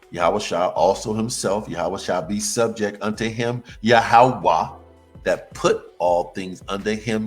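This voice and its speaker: A man preaching through scripture, emphatic, repeating phrases in a chant and breaking into sudden high whoops. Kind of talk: sermon-style scripture teaching.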